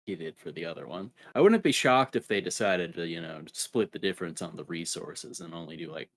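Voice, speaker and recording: Deep-voiced young male co-host, relaxed, halting casual chat. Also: gravelly. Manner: laid-back, hesitant, trailing off. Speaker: podcast co-host. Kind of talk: casual gaming podcast chat.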